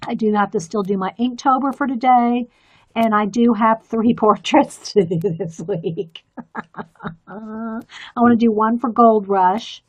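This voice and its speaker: A woman's voice: on the high side, takes it slowly, highs cut off. A woman chatting in a rambling, easygoing way and laughing often while she colors on a live stream. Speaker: artist streaming a coloring demo. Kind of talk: casual chat while drawing.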